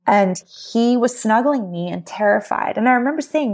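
A woman's voice: on the high side, moderate pace, darkish tone. Earnest woman telling a heartfelt story. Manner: earnest, heartfelt, many restarts and "you know". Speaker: podcast guest, memoir author. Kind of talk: emotional personal storytelling.

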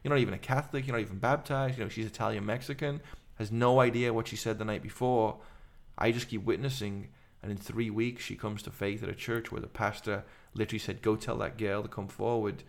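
Gravelly English man telling his story. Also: fairly low pitch. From England. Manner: animated storytelling, fast run-on sentences. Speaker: podcast guest. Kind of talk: casual conversation.

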